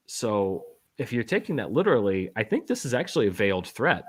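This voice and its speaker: A man's voice: fairly low pitch, sing-song, a little fast, husky. A man hosting a casual live-stream news chat, talking in a wry, rambling way with lots of filler words. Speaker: host.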